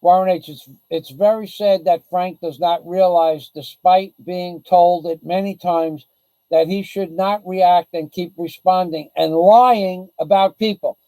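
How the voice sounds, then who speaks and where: A man's voice: high voice, fairly even intonation, a little slow, mellow, no room sound, low-quality recording. A man hosting a casual livestream, talking bluntly and boastfully in a rambling way. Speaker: livestream host. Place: the Philippines.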